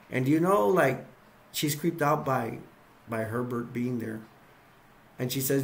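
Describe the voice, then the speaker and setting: A male video reviewer with a gravelly, mid-range voice speaks a little slowly as he rambles through movie scenes. He acts out the characters' lines and fills his talk with fillers.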